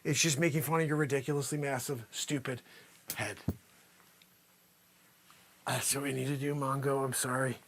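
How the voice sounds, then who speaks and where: A man's voice: mid-range voice, fairly even intonation, normal speed, pauses often, a bit bright. A man hosting an improvised comedy news spot, rambling and teasing in a mock-anchor delivery. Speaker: comedy news show host.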